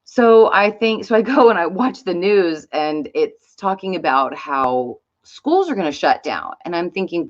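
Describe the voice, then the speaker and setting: A woman's voice: lowish voice, a little slow, hardly any pauses. A middle-aged woman, telling a story in a casual vlog and swearing freely. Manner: chatty, swears freely, animated retelling. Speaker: YouTube host. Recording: slightly dull lo-fi sound.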